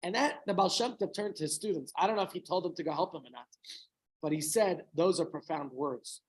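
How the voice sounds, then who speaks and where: A man's voice: fairly high pitch, a little fast, breathy edge, poor audio. Rambling storytelling man. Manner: rambling storytelling with chatty asides and questions to listeners. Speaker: rabbi. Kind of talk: informal Torah talk to a small group.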